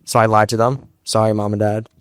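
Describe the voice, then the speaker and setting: A young man, a startup founder, telling animated stories on stage and acting out quotes. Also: fairly low pitch, smooth, no room sound. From United States. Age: young adult. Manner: animated, fast storytelling with acted-out quotes. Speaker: startup founder, guest speaker. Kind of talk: storytelling on stage. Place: stage before a large live audience.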